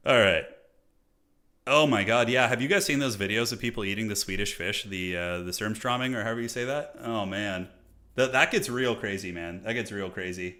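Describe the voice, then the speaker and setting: Chatty streamer, bright voice. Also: male voice, on the low side, normal speed, pauses often. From United States. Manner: chatty, talks to chat, joking asides. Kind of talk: casual live-stream game commentary.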